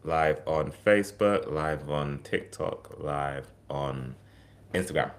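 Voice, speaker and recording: A man's voice: rumbling low, takes it slowly. A man hosting a casual health livestream, chatty and rambling, with plenty of fillers and restarts. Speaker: herbal health livestream host.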